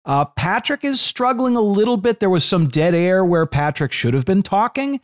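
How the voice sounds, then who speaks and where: A man co-hosting a wrestling podcast who lays out his points in a measured, analytical way. His voice sits a little high for a man, and he slips in dry asides now and then. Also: big pitch swings, no room sound. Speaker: podcast co-host. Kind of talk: casual wrestling podcast chat.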